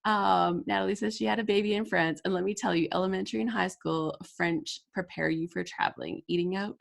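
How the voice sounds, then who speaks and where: This livestream host is a middle-aged woman who crafts on camera and chats casually, often laughing while reading out comments from viewers. She talks briskly in a creaky, medium-pitched voice that stays fairly even.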